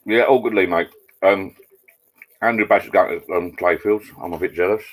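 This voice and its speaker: A low-voiced man bantering on a live stream. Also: moderate pace. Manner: banter, cheeky jokes, reading out chat messages. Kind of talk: casual live-stream chat with viewers. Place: home garden bar.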